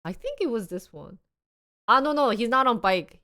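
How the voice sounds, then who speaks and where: Young woman, lively livestream chat, smooth clear voice, dry close sound, bouncy delivery. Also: fairly high pitch, normal speed, no echo. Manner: animated, laughs often, acts out scenes in voices. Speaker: live streamer.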